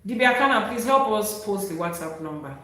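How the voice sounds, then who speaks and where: A woman with a Yoruba accent teaching Ifá on a live stream. She recites verses and then explains them slowly. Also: mid-range voice, expressive, a bit bright, a little hiss or hum. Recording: very echoey room.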